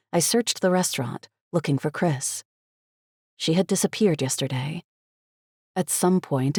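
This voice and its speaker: Low-voiced woman narrating a thriller. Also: mellow, no echo, clean studio sound. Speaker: audiobook narrator. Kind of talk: first-person thriller narration.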